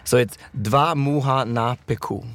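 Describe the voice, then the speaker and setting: A man's voice: mid-range voice, unhurried. A man co-hosting a podcast, teasing and giggly, sometimes searching for words. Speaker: podcast co-host. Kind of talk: casual chat.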